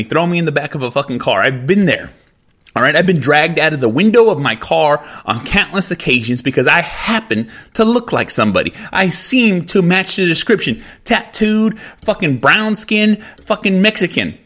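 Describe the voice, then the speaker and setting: Heated male podcast host, profane and emphatic, higher-pitched voice. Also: a bit bright. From California. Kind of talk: angry podcast rant.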